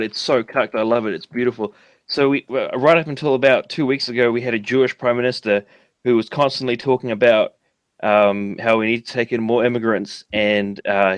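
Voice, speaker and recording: A man's voice: medium pitch, no room sound. A man from New Zealand with a New Zealand accent, calling in to a casual chat and talking in a rambling, profane way full of fillers. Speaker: caller.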